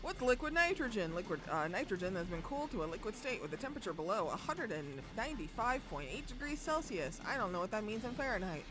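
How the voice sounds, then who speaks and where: A young woman streaming a visual novel, reading the text aloud and breaking into loud, sweary outbursts. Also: medium pitch, fast talker, hardly any pauses, music in the background. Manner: loud, excitable outbursts and swearing between calm narration.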